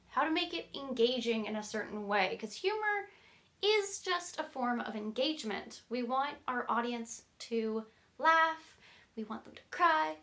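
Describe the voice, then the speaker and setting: A woman's voice: a little high, fairly bright tone. A young woman talking to camera about writing, chatty and rambling, often breaking off into asides. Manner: chatty, rambling, self-interrupting with likes and digressions. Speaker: writing vlogger. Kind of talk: casual talk to camera.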